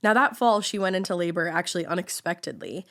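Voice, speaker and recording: A young woman co-hosts a casual true-crime podcast, carrying the story with chatty, sarcastic asides and the odd swear. Her voice sits a little low for a woman. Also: fast talker, a bit bright. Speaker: podcast co-host telling the story.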